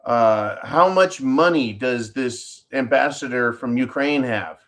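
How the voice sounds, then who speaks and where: A man's voice: mid-range voice, takes it slowly, fairly bright tone. A middle-aged man hosting a profane, sarcastic commentary monologue, talking straight to his viewers as folks. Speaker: channel host. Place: indoors, tropical home.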